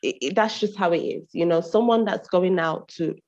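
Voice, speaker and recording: A woman's voice: lowish voice, moderate pace, a little mellow. Female speaker from Nigeria, casual podcast talk, emphatic with repeated phrases, muffled lo-fi audio. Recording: dull lo-fi recording.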